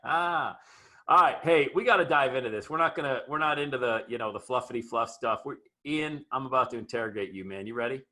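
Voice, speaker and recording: An energetic man hosts a podcast interview with a bright, forceful voice. He talks in a hyped, emphatic way, pushing his guest along with enthusiasm. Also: medium pitch, fairly quick. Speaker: podcast host.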